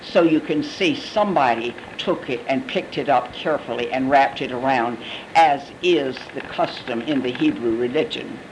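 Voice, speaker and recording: A Bible teacher explains scripture in a conversational, expressive sermon style at a mid pitch. Faint background noise runs under the voice. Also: normal speed, rough recording. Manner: conversational, expressive, acts out quotes. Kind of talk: sermon commentary.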